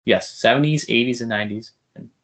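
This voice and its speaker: A man's voice: mid-range voice, brisk. Eager young man hosting a podcast. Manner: eager, starstruck, soft-spoken asides. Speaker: podcast host. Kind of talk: casual interview.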